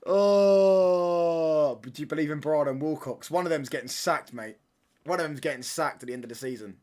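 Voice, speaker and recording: A young man hosts a live football watchalong, rambling and arguing back at his chat in casual slang. His voice sits in the mid range, and he speaks fast.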